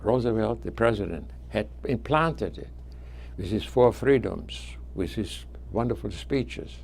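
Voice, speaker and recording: A man in his nineties with a foreign accent whose first language is not English, telling students about his life in a halting way, with frequent restarts. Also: fairly low pitch, expressive, creaky, a little mellow. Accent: foreign accent, origin not named. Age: 90s. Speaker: guest speaker.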